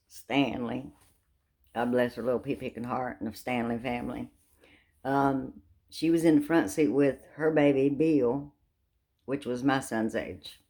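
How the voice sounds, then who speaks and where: A woman's voice: rumbling low, fairly even intonation, unhurried, darkish tone. An older woman telling a funny family story in a folksy way, with sound effects. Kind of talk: casual storytelling.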